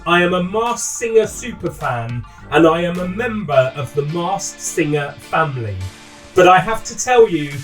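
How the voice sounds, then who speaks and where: A man hosting a podcast, his voice pitched high and swinging up and down as he asks eager, upbeat questions. He sits a little back from the mic, with faint music under him. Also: a bit bright, recorded from a distance. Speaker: podcast host. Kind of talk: podcast interview.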